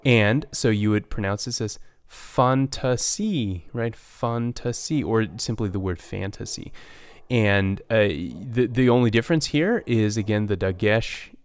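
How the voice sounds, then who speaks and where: A man with a fairly low voice teaches a recorded lesson, step by step. He hesitates often and restarts his sentences. The sound is dry and close, with no room echo. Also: clear, resonant tone. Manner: halting, many fillers and restarts. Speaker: Hebrew teacher.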